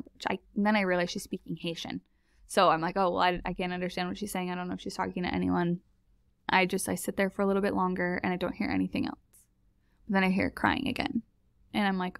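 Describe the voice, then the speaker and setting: Female guest storyteller, creaky vocal fry, chatty and animated, close dry sound. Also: on the low side, fast, no echo. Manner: animated, chatty, laughs often. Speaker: podcast guest. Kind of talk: casual storytelling.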